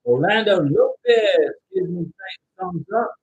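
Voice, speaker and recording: Loud, animated man hosting a livestream. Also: high voice, unhurried, breathy edge, no room sound, dull audio. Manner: loud, animated, at times yelling. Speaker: livestream host giving visa advice. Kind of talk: casual livestream chat reading viewer comments. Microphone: home microphone with interference noted by viewers.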